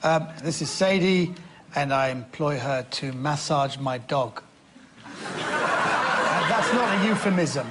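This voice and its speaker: Joking male panellist, slightly high voice. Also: expressive, takes it slowly, long pauses, noisy background.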